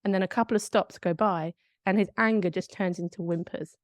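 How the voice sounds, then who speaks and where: A woman's voice: on the low side, steady tone, fairly quick, no echo. A woman, co-hosting a podcast and telling a candid, reflective story in casual chat. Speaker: podcast co-host.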